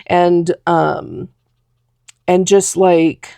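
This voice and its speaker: A woman's voice: fairly low pitch, unhurried, darkish tone, dry recording, clean studio sound. A young woman telling a personal story in a casual talking vlog, rambling with lots of fillers. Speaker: vlogger.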